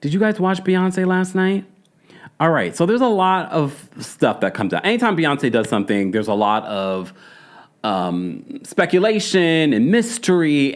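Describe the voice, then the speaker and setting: A man with a Jamaican accent in casual, playful commentary, chatting to viewers with laughs and asides. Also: on the high side. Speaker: celebrity news commentator. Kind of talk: casual chat.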